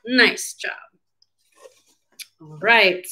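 A woman reads a picture book aloud to small children, very slowly and with a lot of pause. Her pitch swoops up and down with lively, teacherly expression. She keeps asking the listeners questions and waits for their answers. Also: low-quality recording. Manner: slow, animated, questioning children and pausing for answers. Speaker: speech therapist reading a storybook. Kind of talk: read-aloud storytime lesson for children.

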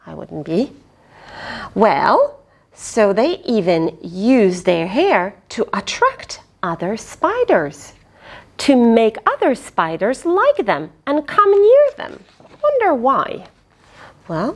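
A woman's voice: on the high side, sing-song, slow pace. A woman reading a children's picture book aloud, exclaiming and asking the young listener questions between passages. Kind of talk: children's read-aloud with asides.

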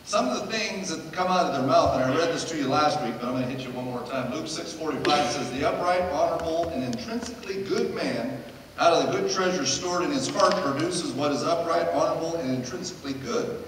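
A middle-aged man, a pastor, preaching in a lively, joking way and acting out the people in his stories. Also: fairly high pitch, fairly quick. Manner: animated, jokey storyteller acting out quotes. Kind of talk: sermon with storytelling. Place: church hall. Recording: echoey hall, distant mic, noisy.

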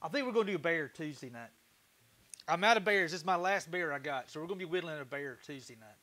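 A man's voice: a little high, animated, fast, bright, forceful tone. A man with a Texan accent hosting a woodworking livestream, laid-back and chatty, laughing often and swearing casually. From Texas. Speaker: livestream host, woodturner.

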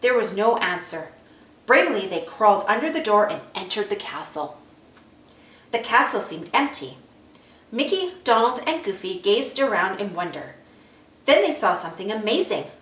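A woman narrating a children's storybook aloud in an expressive storytelling manner. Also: medium pitch, normal speed, echoey room. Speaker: storybook reader.

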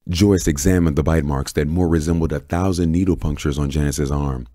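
A man narrating an audiobook with deep, measured storytelling. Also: steady tone, dark tone, no echo, clean studio sound. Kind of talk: scripted narration.

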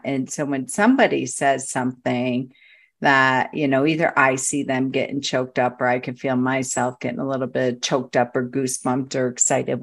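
Low-voiced woman, podcast guest, lively chatty storyteller. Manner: animated storyteller, frequent restarts. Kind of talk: casual interview chat.

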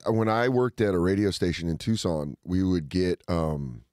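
A man guest on a podcast, chatting casually and telling profane stories, often breaking into loud, high-pitched impressions. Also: normal speed, clean tone, dry recording, clean studio sound. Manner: profane, laughs through his stories.

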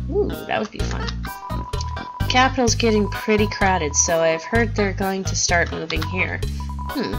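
A woman casually commenting on a video game while reading its text aloud, chatty and quick to apologize, with game music behind. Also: lowish voice. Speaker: gamer. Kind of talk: casual let's-play commentary.

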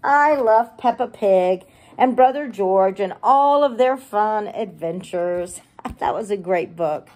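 Woman reading a storybook to kids, slow pace, lively pitch, gushing, animated. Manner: animated, gushing, talks to children. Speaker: preschool teacher. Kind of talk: reading a picture book aloud to children.

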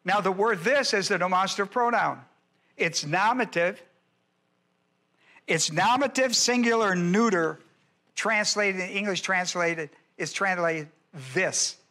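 A man's voice: sits high, a little slow, pushed and bright. A male pastor teaching a Bible lesson verse by verse, emphatic and repeating key phrases as he quizzes his listeners.

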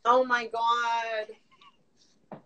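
A woman's voice: on the high side, level tone, extremely slow, sharp tone, clean tone, low-quality recording. Chatty woman show host, laughing easily. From Canada. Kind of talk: casual conversation on a livestream show.

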